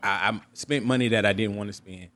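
A man's voice: steady tone, normal speed, fairly bright tone. A young man on a podcast telling a candid, reflective personal story, often restarting his sentences and raising his voice to act out family members. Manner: candid, reflective, acts out quoted family members with raised pitch; frequent restarts and repeated words. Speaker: podcast host.

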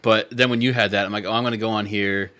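A man's voice: on the low side, flat delivery, quick pace, sharp tone. A man who is a guest on a podcast, chatting casually and joking with playful teasing. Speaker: podcast guest, singer-songwriter. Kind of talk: casual chat.

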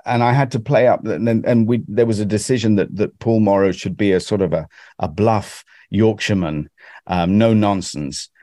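A man's voice: fairly low pitch, normal speed, dark tone, dry recording, clean studio sound. A man from Britain, a guest actor, chatting in an interview in a self-deprecating way with frequent restarts. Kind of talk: conversational interview.

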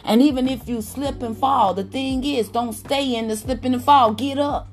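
A woman's voice: high voice, normal speed, faint music behind. A woman preaching a fervent sermon, calling out to her listeners and exclaiming praise as she goes.

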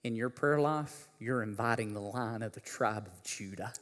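A man preaching a sermon, talking casually with slang, then building to a loud, impassioned delivery. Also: on the low side, normal speed, long reverb tail. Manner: builds from conversational to shouting preacher intensity. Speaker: pastor.

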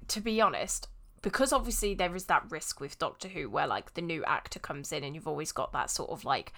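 A woman's voice: sits low, lively intonation, a little fast, fairly bright tone. A woman co-hosting a podcast in casual chat, talking enthusiastically with lots of filler words. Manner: chatty, frequent "like" fillers, enthusiastic. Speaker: podcast co-host.

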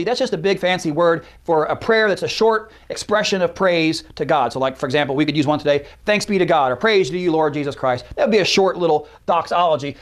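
A man teaching a lecture on early Christian belief, explaining points step by step and stressing key words while citing verses. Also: sits high. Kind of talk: apologetics lecture.

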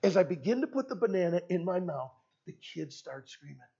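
A male preacher telling a story in a sermon to teenagers, swinging between hushed and loud, on a dull lo-fi recording. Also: high voice, very animated, a little fast, gravelly, husky.

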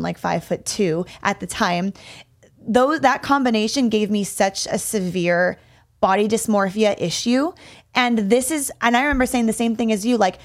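Candid young woman telling stories. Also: medium pitch. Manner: candid, storytelling, swears freely. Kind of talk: casual chat.

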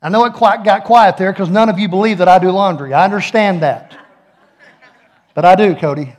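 Middle-aged pastor, high voice, folksy sermon with jokes. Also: male voice, fairly quick. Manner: folksy, joking storyteller with playful asides.

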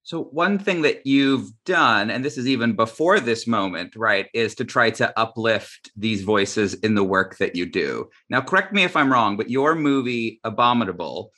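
A man's voice: medium pitch, animated, moderate pace, hardly any pauses, bright, forceful tone. A man interviewing a guest, friendly, often laughing while he talks. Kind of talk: conversational interview.

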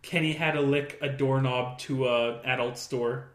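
A young man in casual chat, recalling favourite shows with quick enthusiasm. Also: mid-range voice, steady tone. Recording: echoey room.

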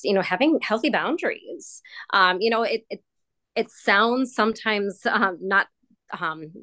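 A woman's voice: medium pitch, a bit bright, dry recording. A woman hosting a casual chat, thinking aloud with frequent restarts. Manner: thinking aloud with many restarts and "you know".

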